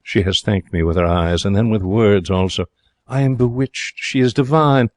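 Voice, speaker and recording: An actor playing an excitable young Frenchman in a radio drama, speaking broken English in a French accent with theatrical, emotional delivery. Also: lowish voice, moderate pace, no room sound, close to an everyday voice. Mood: wistful. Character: young excitable romantic Frenchman, former hotel cashier. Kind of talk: 1940s radio drama narration.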